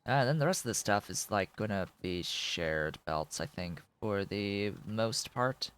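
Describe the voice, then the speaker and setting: A man's voice: lowish voice, expressive, unhurried, fairly bright tone, clear, resonant tone. A man streaming a game, muttering offhand, dry remarks to himself as he builds. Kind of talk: casual gameplay commentary.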